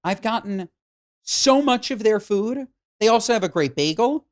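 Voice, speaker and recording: A man co-hosting a podcast in casual chat, talking with animated enthusiasm. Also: sits high, normal speed, no room sound, studio quality. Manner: animated, enthusiastic about food. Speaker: podcast co-host.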